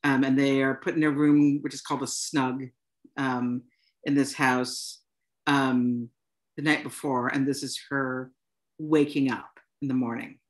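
A woman author reading her own short story aloud to an audience, in a plain, unhurried storytelling manner. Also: rumbling low, little pitch movement. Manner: unhurried, plain storytelling delivery with soft "um" fillers.

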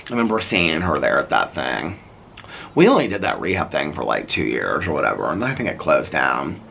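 A man in his fifties rambles through stories in a casual vlog, his low voice gravelly yet bright. His delivery swoops up and down with lively expression as he meanders from one tangent to the next. Faint outdoor ambience with birds sits quietly behind him. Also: brisk, a little hiss or hum. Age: 50s. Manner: chatty, meandering storyteller who laughs often. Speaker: vlogger. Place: outdoors in a residential neighborhood.

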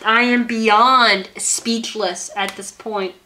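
A young woman vlogging as she opens a gift, gushing with repeated excited exclamations. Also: on the high side, takes it slowly. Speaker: YouTuber opening a gift. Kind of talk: casual vlog unboxing.

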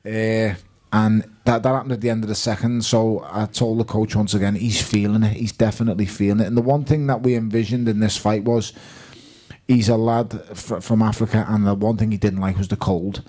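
A man with a Liverpool accent, a guest at a live fan evening, telling lively stories and quoting himself and others. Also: fairly low pitch, normal speed. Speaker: guest boxer.

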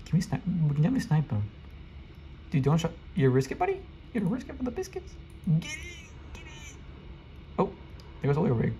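A man giving excitable live gameplay commentary, talking to his viewers and rattling off rapid repeated urgings. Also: high voice, soft background music. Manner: chatty, addresses viewers directly. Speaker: gaming video creator.

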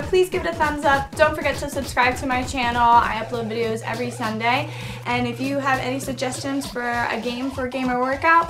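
A bubbly young woman with a high, bright voice chats through a gaming workout vlog, giggling and puffing as she hops around her room. Soft music plays faintly underneath. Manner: bubbly, giggly, talks while jumping around. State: out of breath in outtakes. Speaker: gaming vlogger. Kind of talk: casual chatty vlog with physical game workout.

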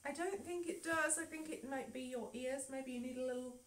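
A woman's voice: high voice, a little fast, a little hiss or hum. A young woman taking part in a hypnosis livestream, giggly and playful, bluffing with cheerful confidence. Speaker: hypnosis subject and stream regular. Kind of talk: casual livestream chat. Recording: roomy echoey room.

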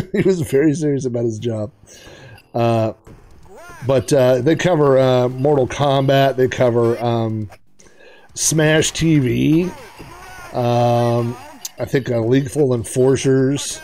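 A man with a medium-pitched voice hosts a retro gaming video, offering casual, excitable gameplay commentary and talking to the players on screen. He speaks slowly and pauses often, with slight background noise.

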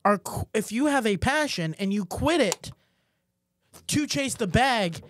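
A man co-hosting a podcast, telling an emotional story in animated, casual chat. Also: sits high, unhurried, slight background noise. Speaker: podcast co-host.

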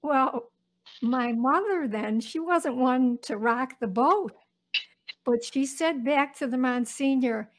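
Older lady in her 70s telling a story slow, bit higher voice, thoughtful. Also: low-quality recording. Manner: unhurried reflective storytelling. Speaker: interview guest. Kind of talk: personal storytelling.

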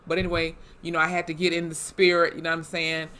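A young woman casually recapping a TV episode, animated and profane, with lively asides. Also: low voice, fast. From Wisconsin, USA. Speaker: YouTube TV reviewer.

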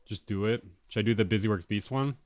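A man with a lateral lisp talks loosely on a music-production livestream. His voice sits on the low side, and he gets excitable and curses freely. The sound is close and dry, with no room around it. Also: fast talker, dry recording. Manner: loose, excitable, swears often. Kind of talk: casual livestream chat.

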